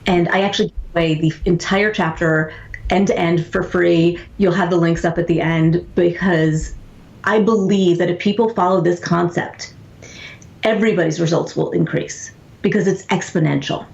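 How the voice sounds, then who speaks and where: A woman being interviewed as an author, telling stories in an animated way and acting out quoted voices. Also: lowish voice, normal speed, creaky. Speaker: author and guest. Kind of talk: conversational interview storytelling. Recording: echoey, dull lo-fi sound.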